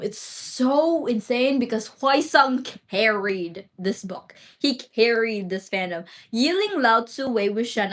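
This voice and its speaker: A young woman talks casually on her own livestream, answering viewers as she goes. Her voice sits a little high, and her speech wanders with constant "like" and "um" fillers. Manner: rambling, heavy use of "like" and "um" fillers. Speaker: livestream host.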